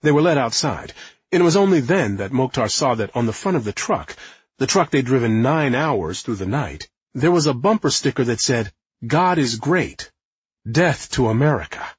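A man narrating a nonfiction audiobook in a lively, expressive manner. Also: medium pitch, normal speed, breathy edge, no room sound, lo-fi sound. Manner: lively, acting out quotes.

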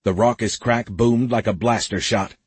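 A man narrating a science fiction audiobook in a steady, measured way. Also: fairly low pitch, breathy edge, no echo. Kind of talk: scripted narration.

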